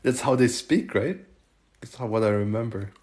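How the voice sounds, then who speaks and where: A man from Germany hosting a casual livestream, chatting with viewers and haltingly trying out Chinese phrases. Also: medium pitch, darkish tone. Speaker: livestream host. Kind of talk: casual live chat answering viewers.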